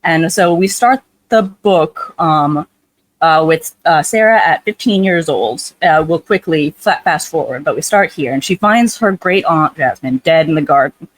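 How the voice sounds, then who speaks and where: A woman's voice: sits low, animated, a little slow, dry recording. A woman co-hosting a book podcast, retelling a plot in a wry, sarcastic, casual way. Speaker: podcast co-host. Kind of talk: casual book-review chat.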